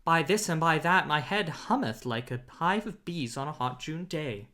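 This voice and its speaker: A man's voice: fairly high pitch, expressive, normal speed, sharp tone. A man voicing a jolly, bold outlaw leader who speaks old-fashioned English with a hearty, laughing manner, in an audiobook reading. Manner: hearty, laughing, archaic speech. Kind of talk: audiobook character voice.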